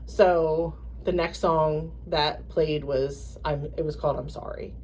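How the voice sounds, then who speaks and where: A woman co-hosting a podcast, telling stories in a halting way with many restarts and acting out quoted voices. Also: deep voice, a little hiss or hum. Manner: animated storyteller, acts out quoted voices. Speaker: podcast co-host. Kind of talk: casual chat.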